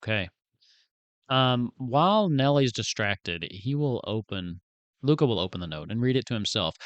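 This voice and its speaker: A man narrating a tabletop game as game master in an animated, chatty way. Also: medium pitch, moderate pace, no echo.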